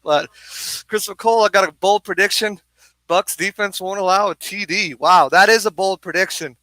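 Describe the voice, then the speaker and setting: Hyped young-sounding man, bright crisp voice. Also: high-pitched, moderate pace, dry recording, low-quality recording. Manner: hyped, energetic, reads viewer comments aloud. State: out of breath. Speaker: co-host of a live sports watch-party stream. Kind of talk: excited live-stream chat reading comments. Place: outdoors on a bar deck in the rain.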